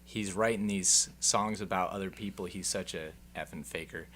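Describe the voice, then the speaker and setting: An eager, agreeable man co-hosting a casual interview. His voice sits very low, and a faint hum runs underneath. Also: moderate pace, fairly bright tone. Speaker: podcast co-host.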